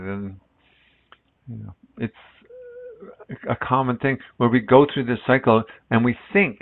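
A middle-aged man giving a relaxed spiritual talk as a meditation teacher, rambling and reflective with many restarts, heard on lo-fi phone-like audio. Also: mid-range voice, moderate pace, pauses often.

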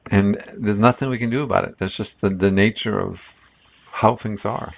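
Gravelly low-voiced man giving a talk. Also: fairly even intonation, normal speed. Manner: rambling and reflective, many restarts. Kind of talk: relaxed spiritual talk with a story. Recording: lo-fi phone-like audio.

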